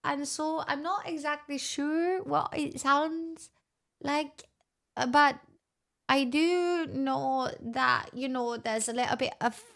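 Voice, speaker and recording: A woman's voice: sits high, slow pace, gravelly, fairly bright tone, exaggerated voice. A woman streamer putting on an exaggerated fake Irish accent, hammy and self-mocking, sing-song. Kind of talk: live stream chat.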